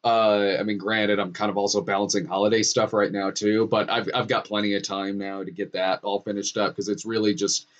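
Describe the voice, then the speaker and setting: A man's voice: fairly low pitch, flat delivery, a little fast, few pauses, muffled recording. A man hosting a casual live-stream chat over a video call, rambling with many restarts. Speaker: host.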